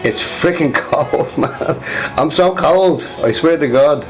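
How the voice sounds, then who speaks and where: Male streamer, fairly high-pitched, heated and repetitive, addresses viewers directly, faint music behind. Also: slow. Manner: emphatic, repeats his points; talks to chat viewers directly. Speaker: livestream host. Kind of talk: casual livestream rant.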